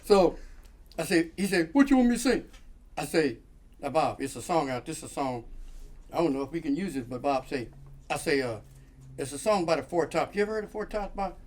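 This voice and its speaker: A man with a fairly high pitch who talks a little fast. He is the guest storyteller, recounting a lengthy funny story in casual talk, animated, voicing the people involved, and frequently laughing.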